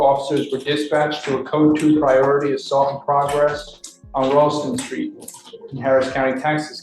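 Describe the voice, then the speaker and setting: A woman's voice: deep voice, darkish tone, roomy sound, rough recording. A woman prosecutor reading a police report aloud in a matter-of-fact way at a courtroom hearing.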